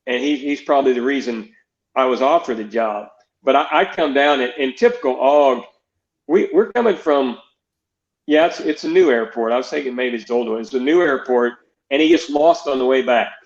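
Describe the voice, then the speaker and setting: A man's voice: mid-range voice, moderate pace. Older man rambling through coaching stories. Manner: rambling, many restarts, quotes others in dialogue. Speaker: guest, baseball pitching coach. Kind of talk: storytelling interview. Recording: roomy, dull lo-fi sound.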